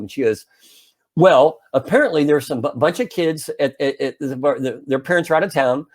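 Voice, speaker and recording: Man, fifties, podcast co-host, casual storytelling, animated, lots of restarts, slightly high voice. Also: a little fast. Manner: animated anecdote-telling with many restarts.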